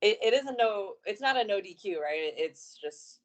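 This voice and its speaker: A woman's voice: mid-range voice, expressive, normal speed. A woman co-hosting a casual wrestling podcast, thinking aloud with hesitant fillers. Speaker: podcast co-host. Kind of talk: casual wrestling news chat.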